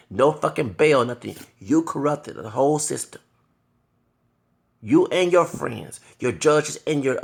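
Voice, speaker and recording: A man's voice: mid-range voice, gravelly. A man in his thirties delivering a heated, profane rant to camera, breaking off now and then to apologize for his cursing. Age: 30s. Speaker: vlogger. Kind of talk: angry monologue to camera.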